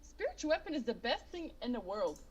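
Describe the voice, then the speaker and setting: A woman playing in a tabletop game, excitable and swearing freely, laughing a lot. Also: on the high side, brisk, muffled recording. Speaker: player. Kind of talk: casual tabletop play.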